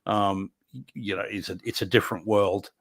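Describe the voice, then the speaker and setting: Low-voiced man, relaxed chat. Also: moderate pace, gravelly. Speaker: podcast co-host. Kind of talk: casual chat.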